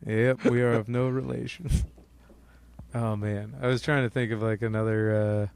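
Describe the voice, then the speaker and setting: A man's voice: medium pitch, level tone, moderate pace, creaky, a little mellow, clear, resonant tone. A man co-hosting a casual comedy podcast, loose and profane, laughing often and slipping into joke voices. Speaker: podcast co-host.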